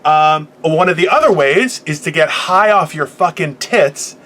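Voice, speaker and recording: A man's voice: on the high side, animated, a little slow, fairly bright tone. A man in his forties hosting a podcast, delivering a profane, boisterous comedic motivational rant. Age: 40s. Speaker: podcast host.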